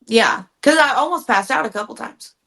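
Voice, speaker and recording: A woman's voice: sits high, animated, normal speed, gravelly, bright, forceful tone. A woman with a Southern US accent, chatting casually on a podcast as co-host, laughing and swearing freely. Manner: laughing, profane, joking.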